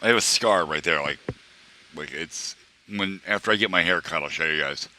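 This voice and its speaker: With slight noise in the background, a young man on stream talks at normal speed through a loose, rambling story for his viewers. He uses plenty of fillers and restarts and acts out other people's words in a very low but bright, forceful voice.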